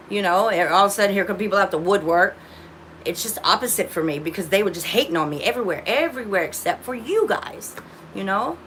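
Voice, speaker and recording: A woman's voice: mid-range voice, fairly bright tone, slight background noise. Rambling woman chatting on a phone livestream. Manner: rambling, many restarts, talks to viewers as y'all. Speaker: livestream host. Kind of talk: casual livestream chat.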